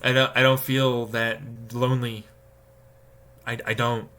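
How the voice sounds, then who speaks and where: A man live-streaming a casual rant, swearing and exasperated, mocking others with sudden high-pitched outbursts. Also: little pitch movement, a little slow, pushed and bright, clear, resonant tone.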